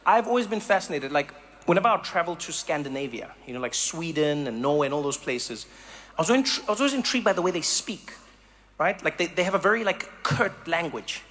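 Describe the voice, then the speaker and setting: A man from South Africa performing a stand-up comedy set, animated and acting out voices and sounds in sudden bursts. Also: a little high, a little fast.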